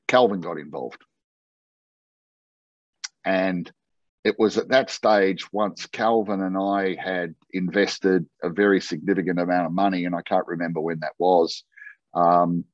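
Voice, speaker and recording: Low-voiced Australian man telling a story. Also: no room sound. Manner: animated anecdote-telling, acting out quoted dialogue. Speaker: interview guest. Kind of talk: conversational storytelling. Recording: dull, lo-fi and dry.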